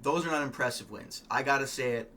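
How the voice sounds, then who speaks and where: A man giving casual, rambling, opinionated fight commentary, swearing often and filling pauses with ums. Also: medium pitch, bright, forceful tone, slight background noise. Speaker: MMA fan vlogger.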